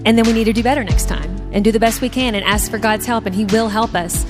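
A woman's voice: a little high, fast, over music. A woman co-hosting with her husband, speaking encouragingly to an audience. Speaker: co-host, wife of the speaker.

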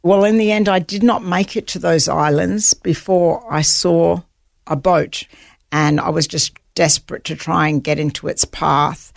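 A woman with a fairly low, steady voice and vocal fry speaks at a measured pace, recorded in studio quality with no room sound. As a guest author in a storytelling interview, she vividly and earnestly recounts surviving at sea, quoting her own thoughts as she goes.

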